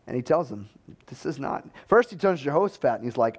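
A man's voice: mid-range voice, expressive, fast talker, a little mellow. A man preaching a sermon in a conversational storytelling way, acting out the voices he quotes.

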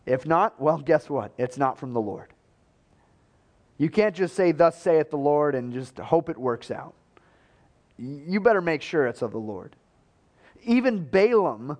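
Man preaching a casual storytelling sermon. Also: a little high. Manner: conversational storytelling, acting out quoted voices, chuckles.

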